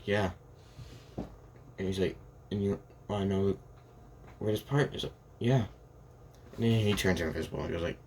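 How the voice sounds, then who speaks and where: A man's voice: low voice, a little mellow, a little hiss or hum. A young man telling an improvised fan story, rambling with constant restarts and quoting each character's lines in his own plain voice.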